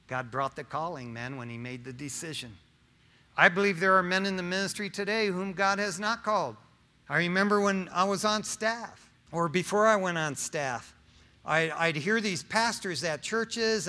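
Preaching informally, a middle-aged man addresses his congregation directly, mixing in questions, slang, and his own testimony. His voice is high with a sharp edge.

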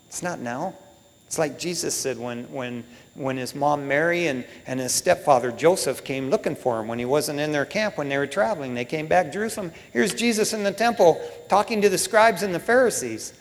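A man preaching a sermon in a casual, animated way with lots of slang. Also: fairly high pitch, brisk, long reverb tail.

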